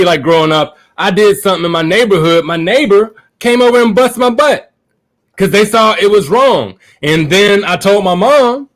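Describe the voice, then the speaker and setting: A man in his forties speaking as a panelist, telling a story in a halting way full of fillers. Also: high-pitched, a bit bright. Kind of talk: casual panel discussion.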